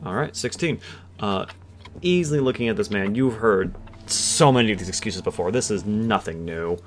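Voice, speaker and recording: Low-voiced game master narrating. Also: male voice, lively intonation, normal speed. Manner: descriptive, casual, with fillers. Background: soft background music.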